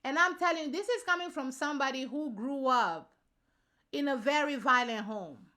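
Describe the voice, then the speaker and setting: Woman vlogger, high and bright, slangy and emphatic, repeats lines for stress. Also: normal speed. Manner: slangy, informal address to viewers. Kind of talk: casual opinion commentary to camera.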